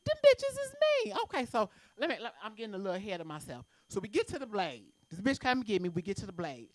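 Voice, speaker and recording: A woman's voice: medium pitch, big pitch swings, fast, dry recording. A woman doing a brash, profane stand-up set at an open mic in a comedy club.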